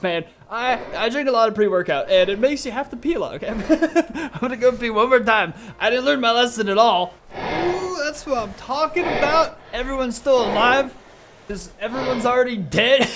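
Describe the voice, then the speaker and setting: A young man with a high voice narrates his video game session, swearing freely and breaking into yells when things go wrong. Clear game noise runs behind him the whole time. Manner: excitable, profane, yells at the game. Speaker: gaming YouTuber. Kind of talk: let's play commentary.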